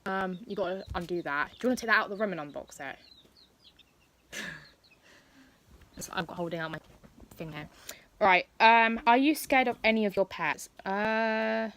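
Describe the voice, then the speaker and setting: Bright-voiced young woman vlogger. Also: medium pitch, normal speed, long pauses. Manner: chatty, rambling with many fillers. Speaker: pet YouTuber. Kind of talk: casual Q&A vlog.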